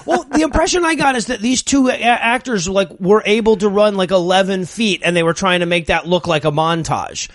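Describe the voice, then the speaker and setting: Male podcast co-host, higher voice, dry close sound, wry riffing on a bad film. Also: a little fast, few pauses, dry recording. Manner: wry, reads his notes aloud. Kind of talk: casual comedic movie riffing.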